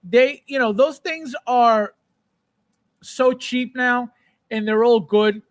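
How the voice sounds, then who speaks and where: A man hosting a casual live stream, chatting with viewers, repeating phrases and breaking into playful shouted bits. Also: very high-pitched, slow, no room sound. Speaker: livestream host. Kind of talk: casual live chat reading viewer comments.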